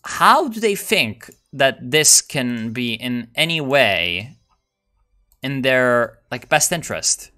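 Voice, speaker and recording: Brief: young male gamer, bright and forceful tone, swears a lot, casual rambling play commentary. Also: medium pitch, slow pace. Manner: swears a lot, excitable, jokey; muses aloud with frequent fillers and laughs. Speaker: gamer playing a strategy game.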